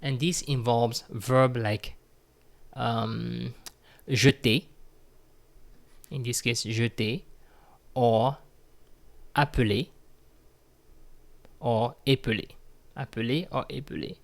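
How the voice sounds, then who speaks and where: A man's voice: medium pitch, fairly even intonation, slow, creaky, long pauses. A man teaching a French grammar lesson, speaking patiently, repeating words and using many fillers.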